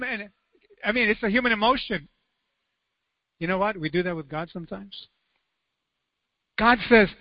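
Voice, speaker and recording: A male pastor preaching a sermon, telling stories in an animated way and acting out the voices with sudden high cries. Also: moderate pace, pauses often, no echo, big-room sound, highs cut off.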